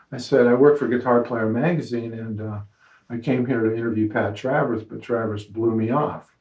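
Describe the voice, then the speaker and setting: An older man narrating a personal story as host, relaxed and conversational with the odd filler. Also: medium pitch, fairly quick. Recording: echoey, dull lo-fi sound.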